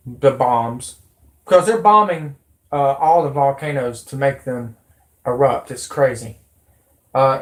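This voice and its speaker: A man's voice: on the high side, echoey room. A man ranting to his viewers on a livestream, rambling and swearing freely, calling them folks and y'all. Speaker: conspiracy vlogger.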